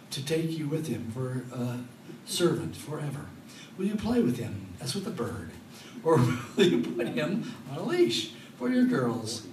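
Animated preacher in an echoey hall. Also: male voice, on the high side, a little hiss or hum. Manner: animated, joking with the congregation. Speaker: pastor. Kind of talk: expository Bible teaching. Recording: echoey room, mic at a distance.

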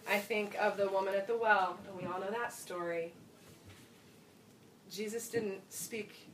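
A woman delivers a sermon slowly and thoughtfully, sharing her own reflections. Her voice comes from a distance in a roomy space with noticeable echo. A faint ambient hum sits behind her. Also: mid-range voice. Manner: reflective, personal, with soft laughs. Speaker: preacher.

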